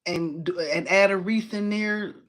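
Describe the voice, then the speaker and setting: A woman in her forties hosting a casual crafting livestream, chatty and animated, talking to viewers and reading their comments. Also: mid-range voice, unhurried, noisy background. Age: 40s. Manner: chatty and animated, addresses viewers as y'all, laughs often.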